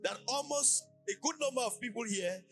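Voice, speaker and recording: High-pitched male pastor from cameroon, sing-song preaching in church, faint music under it. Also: moderate pace. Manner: sing-song preaching cadence with lively swings and illustrative asides. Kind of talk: sermon.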